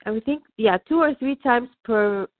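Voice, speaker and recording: A woman's voice: a little high, moderate pace, no room sound. A woman student chatting about her practice, hesitant and full of fillers. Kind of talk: casual chat on a phone call. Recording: tinny phone line, dry.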